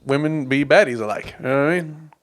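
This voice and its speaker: A man's voice: a little high, quick pace. A man co-hosting a podcast in casual chat, joking, cocky and teasing. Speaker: podcast co-host.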